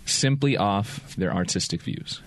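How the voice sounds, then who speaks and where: A man's voice: fairly low pitch, expressive, unhurried, dry recording. A man hosting a podcast in casual, opinionated chat, swearing freely. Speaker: podcast host.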